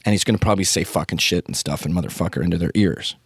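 A man's voice: low-pitched, very fast, slightly rough, no echo, clean studio sound. A man in his fifties ranting in a casual comedy monologue, profane and opinionated. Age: 50s.

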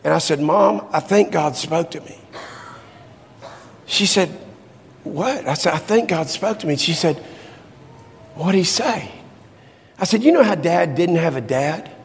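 Middle-aged male pastor with a high voice, emotional storyteller, echoing in a big hall. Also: unhurried, vocal fry, pauses often, a little hiss or hum. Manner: emotional, swings from soft low asides to high excited exclamations. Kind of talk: sermon storytelling. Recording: long hall reverb.

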